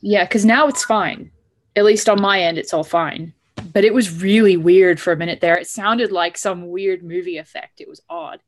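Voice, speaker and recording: Woman, live-stream co-host, lower voice, casual hesitant chat, video call mic. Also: normal speed. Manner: hesitant, with restarts and fillers.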